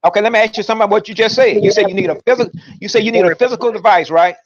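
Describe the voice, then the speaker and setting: A man's voice: sits high, rapid-fire, dull audio. A man hosting a casual debate, teasing and interrupting, repeating his demands.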